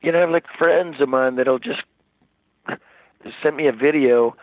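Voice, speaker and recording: A man, a rock singer as interview guest, telling stories in a rambling, animated way with many restarts, over the phone. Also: mid-range voice, normal speed, dry recording. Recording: tinny dry phone line.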